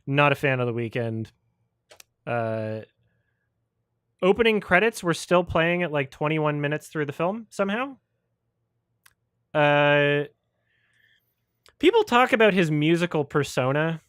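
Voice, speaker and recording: Guy on a stream trashing a movie, sarcastic and sweary, kinda high voice, dry close mic. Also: animated, measured pace, long pauses, a bit bright, smooth, dry recording. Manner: sarcastic, profane, mocking impressions. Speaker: host. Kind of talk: livestream film review chat.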